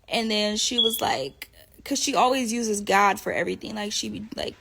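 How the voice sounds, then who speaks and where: A young woman telling stories in a casual interview, animated and profane, often laughing. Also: mid-range voice, moderate pace, gravelly. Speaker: interview guest. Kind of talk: casual storytelling.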